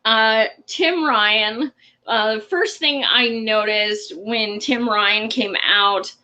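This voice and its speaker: A young adult woman hosting a casual political commentary show, blunt, profane and excitable. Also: on the high side, slow.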